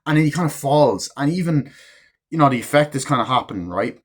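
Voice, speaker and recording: A man's voice: on the high side, a little fast. A man giving a casual spoken movie review, swearing freely and acting out the characters' lines as he retells the scenes. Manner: excitable, profane retelling that acts out character quotes.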